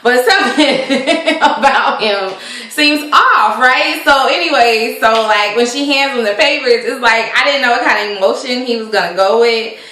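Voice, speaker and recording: A woman's voice: a little high, moderate pace, sharp tone. A woman hosting a casual recap chat about a TV episode, talking with lots of fillers and frequent laughs. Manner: chatty, laughs often, uses many fillers. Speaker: vlog host reviewing a TV episode. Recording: echoey room.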